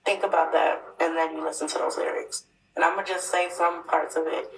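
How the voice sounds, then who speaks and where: A woman's voice: sits low, level tone, brisk, creaky, soft background music. A woman in casual chat, speaking emphatically and often checking in with her listeners. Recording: echoey room, distant mic.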